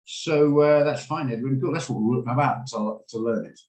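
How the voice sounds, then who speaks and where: Man, trading room host, live lesson over video call, explanatory, mid pitch, roomy sound. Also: moderate pace, a little mellow. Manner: explanatory, checks in with attendees by name. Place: home office on a video call.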